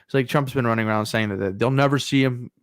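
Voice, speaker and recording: A man's voice: medium pitch, fast, dry recording, studio quality. A man co-hosting a podcast in casual banter, sarcastic and opinionated. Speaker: podcast co-host.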